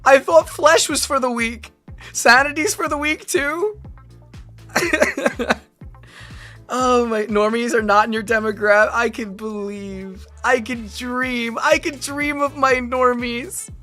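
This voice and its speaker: A woman in her thirties streaming as a VTuber, chatting excitably with her viewers, laughing often and breaking into squealing exclamations. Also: a little high, takes it slowly, faint music behind. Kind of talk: livestream reaction chat.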